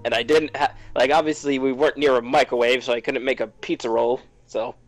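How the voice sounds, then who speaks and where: A man's voice: medium pitch, steady tone, a little fast, faint music behind. A young man co-hosting a casual podcast, rambling through a story with many fillers and self-mocking asides. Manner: rambling, heavy on "like" and "to which". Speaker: podcast co-host. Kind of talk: casual chat.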